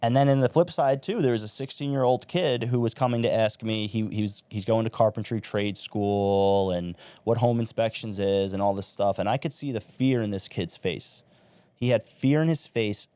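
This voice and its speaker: A man's voice: lowish voice, moderate pace, dark tone, no room sound. A young man, a podcast guest telling stories in casual talk, with plenty of swearing and filler words. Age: young adult. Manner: swears freely, storytelling, says like and bro.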